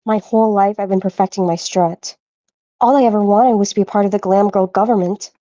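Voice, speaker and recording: A woman's voice: mid-range voice, fairly even intonation, fairly quick, warm tone, dry recording, muffled recording, lightly acted. A woman playing a downtrodden young servant who talks in a mournful, sighing way. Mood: despairing.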